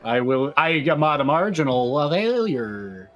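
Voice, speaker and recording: A man's voice: on the high side, big pitch swings, measured pace, muffled recording. A man playing a tabletop game, with a theatrical, exclamatory delivery. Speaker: player.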